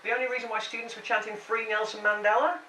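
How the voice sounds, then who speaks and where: A man's voice: high-pitched, flat delivery, quick pace, background noise. A man doing a stand-up comedy set, chatting with the crowd and putting on the voices of the people in his story. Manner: chatty, quips with the crowd, mimics people he quotes. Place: comedy club stage with a laughing audience. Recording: roomy live club sound from a distance.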